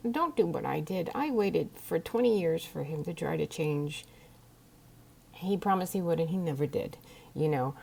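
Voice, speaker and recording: Middle-aged woman, low gravelly voice, earnest diary vlog, near tears. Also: mellow. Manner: earnest, emotional, direct address to viewers. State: close to tears. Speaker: vlogger. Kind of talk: personal video diary.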